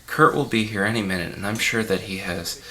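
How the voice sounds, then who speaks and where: A man's voice: lowish voice, a little fast, pushed and bright. A man playing an unwell, pompous male art-film director who rambles and panics in an improvised comedy commentary track. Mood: rambling. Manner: rambling, self-important, panicky. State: unwell and dizzy.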